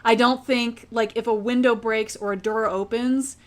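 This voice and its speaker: A woman's voice: a little high, steady tone, moderate pace. A woman casually recapping a book on a podcast, chatty and laughing often. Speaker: podcast co-host.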